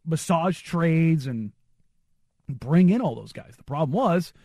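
A man co-hosting a casual chat, opinionated and full of quick asides. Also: fairly high pitch, animated, mellow, slightly rough, dry recording, studio quality. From Texas. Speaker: podcast co-host.

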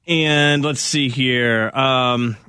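A man's voice: mid-range voice, steady tone, very slow, bright, forceful tone, clear, resonant tone, no echo, clean studio sound. A man hosting a casual radio show podcast, chatty and laughing as he reads listener texts.

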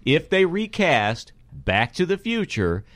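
A man hosting a podcast, asking questions in a relaxed, meandering way. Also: a little high, slow, no echo. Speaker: podcast host. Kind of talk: casual podcast chat.

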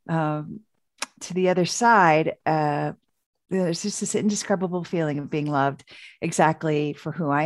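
A woman coach with a lowish voice tells stories as an interview guest, chatty and full of fillers and restarts. The recording is studio quality with no room sound.

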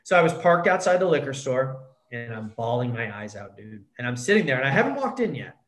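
A man's voice: mid-range voice, very animated, a little fast, a bit bright. A man telling a candid recovery story as a podcast guest, blunt and profane, calling the host "dude". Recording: echoey room.

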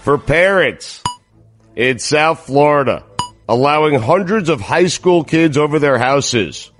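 Man, sports radio co-host, dry joke delivery, slightly high voice, unhurried. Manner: wry, deadpan delivery of jokes. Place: home, video call.

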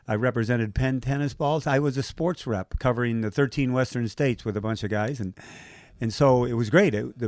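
A man's voice: mid-range voice, no room sound. An older man from Southern California talks through his stories in a loose, chatty way. He slips into quoted voices and laughs easily. The sound is dry and close, with no room in it. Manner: animated anecdotes, acts out quoted voices, laughs often. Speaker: guest, race announcer. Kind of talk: casual interview storytelling.

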